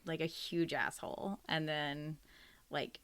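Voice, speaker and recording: A woman with a somewhat low but bright, forward voice chats about books on a podcast. She speaks in enthusiastic, quick bursts of praise. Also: flat delivery. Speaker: podcast co-host. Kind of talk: casual book chat.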